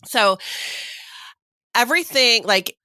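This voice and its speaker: A woman's voice: fairly high pitch, slow, no room sound, clean studio sound. A woman co-hosting a podcast, telling stories in casual chat with lots of fillers. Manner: animated storytelling with many fillers. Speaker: podcast co-host.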